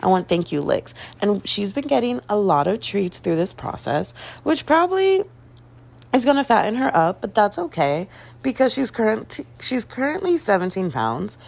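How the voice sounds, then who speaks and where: A woman telling a story in a casual vlog, with a gravelly edge of vocal fry that runs through her middle-range voice. She acts out every quoted line with sudden jumps in pitch and hams up her own panic. The delivery stays chatty and expressive from start to finish. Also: moderate pace. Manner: animated storytelling, acting out quoted dialogue with big pitch jumps; dramatic, self-mocking panic. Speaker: vlogger.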